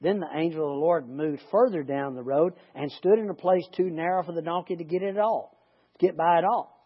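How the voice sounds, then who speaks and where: A man's voice: a little high, fairly quick, husky. A man leading a Bible study, reading scripture and breaking off into rambling, joking asides. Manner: chatty, rambling, self-interrupting. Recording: lo-fi recording.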